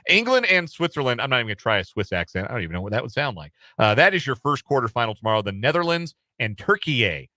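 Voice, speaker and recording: A man's voice: medium pitch, sing-song, racing, few pauses, sharp tone, dry recording. A man hosting casual sports talk radio in a studio, rambling and self-deprecating with lots of fillers. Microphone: studio microphone.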